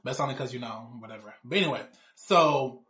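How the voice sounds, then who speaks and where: Fast-talking, blunt, profane man. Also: mid-range voice, bright, forceful tone. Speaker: show cast member. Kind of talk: casual personal storytelling.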